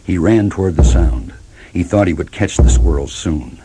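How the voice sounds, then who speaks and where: A man's voice: low-pitched, moderate pace, background noise. A man reading a children's chapter book aloud, expressively, with dramatic sound words. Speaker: storybook reader. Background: background music.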